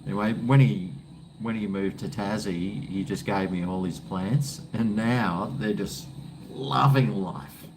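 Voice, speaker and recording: A man's voice: fairly low pitch, a little slow, background noise. Rambling Australian man on a beer live stream. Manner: rambling, swearing, joking. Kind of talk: casual chat while drinking beer.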